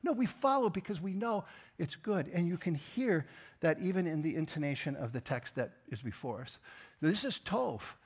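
A man preaching a sermon, earnest and personal, rising and swelling on key phrases and dropping soft at the ends of lines. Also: a little high, lively intonation, moderate pace, husky. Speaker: pastor.

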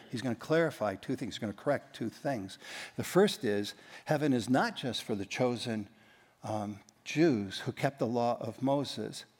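Emphatic preaching man, reverberant church. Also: mid-range voice. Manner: leads the congregation in reading aloud, warmly emphatic. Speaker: pastor. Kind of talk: sermon.

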